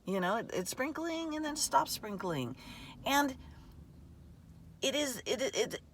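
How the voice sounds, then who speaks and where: Outdoors in a remote spot, a woman hosting a podcast works through a meandering spiritual reflection, frequently restarting sentences and laughing mid-thought. Her voice sits high with big pitch swings at a measured pace, and a little hiss or hum is audible.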